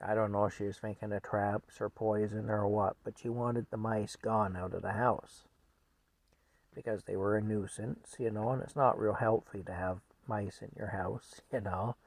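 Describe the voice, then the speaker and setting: Gravelly-voiced older man telling a folksy tale. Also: lowish voice, steady tone, moderate pace, no room sound, rough recording. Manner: rambling, folksy, chuckles often. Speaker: storyteller. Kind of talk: casual family storytelling.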